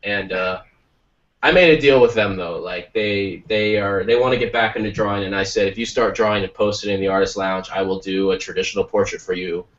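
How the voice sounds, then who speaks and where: Male podcast host, casual and rambling, mid-pitched, captured on a distant lo-fi mic. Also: fairly quick. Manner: rambling, animated, acts out quoted voices. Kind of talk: casual chat.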